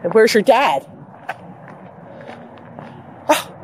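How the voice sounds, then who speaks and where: A woman's voice: very high-pitched, very animated, unhurried, long pauses, fairly bright tone, slight background noise. A woman playing an exasperated mother in a comedy family skit, calling after her son outdoors.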